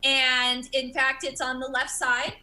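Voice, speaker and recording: A woman's voice: sits high, monotone, a little slow, bright, forceful tone, poor audio. A woman in her thirties doing stand-up over a video call, stuttering and self-deprecating. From America. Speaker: stand-up comedian.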